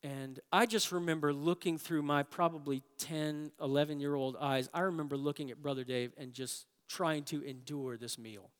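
A middle-aged man preaching a sermon as pastor, telling stories and moving between hushed and emphatic delivery. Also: fairly high pitch, fairly even intonation, normal speed, hardly any pauses, clear, resonant tone. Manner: storytelling, swings from hushed to emphatic. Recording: long hall reverb.

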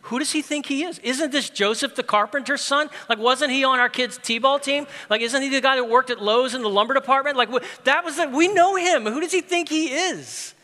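A preacher putting on a scoffing hometown crowd that fires off incredulous, mocking questions in a raised, bright voice. The sound rings with long church reverb. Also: male voice, very high-pitched, a little fast, hardly any pauses, pitched above the performer's own voice. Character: indignant small-town crowd, scoffing.

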